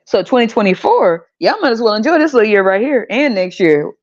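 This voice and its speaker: A woman's voice: fairly high pitch, big pitch swings, a little fast, a little mellow, muffled recording. A woman hosting a podcast, ranting casually in a blunt, exasperated way and swearing freely. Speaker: podcast host.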